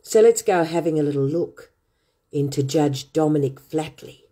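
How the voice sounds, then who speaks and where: A woman's voice: deep voice, normal speed, dark tone. A woman hosting her own online show, ranting furiously and scornfully at her viewers with insults and rhetorical questions. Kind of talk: angry ranting livestream monologue.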